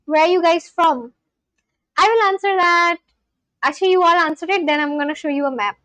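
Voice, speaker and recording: A high-pitched woman chats casually with her live-stream audience. She reads their messages aloud and answers each one. The sound is close and dry, with no room around it. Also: a little fast, a bit bright, dry recording, low-quality recording. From Kolkata, India. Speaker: livestreamer.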